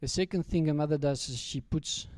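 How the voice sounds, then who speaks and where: A preacher tells a story from the pulpit in a slightly high voice and speaks straight to the children in the congregation. The sound is dry and close, with little room echo. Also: male voice, a little fast, darkish tone. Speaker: pastor. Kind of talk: sermon.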